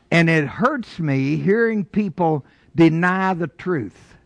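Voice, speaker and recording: Folksy preacher with gravelly voice. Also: male voice, fairly high pitch, lively intonation, takes it slowly, few pauses, dry recording. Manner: folksy preaching, rising emphatic bursts. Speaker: pastor. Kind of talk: sermon.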